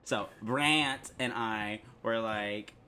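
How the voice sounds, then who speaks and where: Man putting on a bubbly valley girl, slow airheaded drawl, ditzy young woman, improvised comedy. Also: fairly low pitch, bright, forceful tone, a little hiss or hum, full character voice. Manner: bubbly, spells names out, airheaded.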